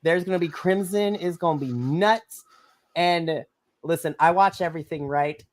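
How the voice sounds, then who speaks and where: A woman's voice: on the low side, moderate pace, no echo. Woman, wrestling podcast co-host, bubbly, gushing, dry close sound. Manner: bubbly, gushing, with bursts of shrieking excitement and laughter. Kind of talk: excited wrestling recap chat. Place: home setup on a live stream call.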